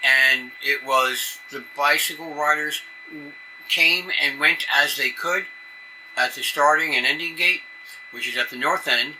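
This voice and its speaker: A man's voice: fairly high pitch, unhurried, noisy background. An older man from New York City giving a chatty conference talk with rambling asides. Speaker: presenter. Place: conference room.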